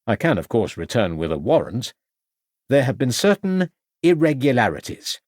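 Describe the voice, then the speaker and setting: A man's voice: mid-range voice, very animated, moderate pace, darkish tone, dry recording, clean studio sound. A man voicing a polite, formal and persuasive male police inspector.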